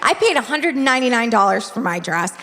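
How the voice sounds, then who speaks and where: A woman in her fifties doing stand-up comedy, telling stories in a wry, deadpan way and acting out big voices for the people she quotes. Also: on the high side, quick pace, noisy background. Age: 50s. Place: theater stage before a live audience. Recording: live hall with audience laughter.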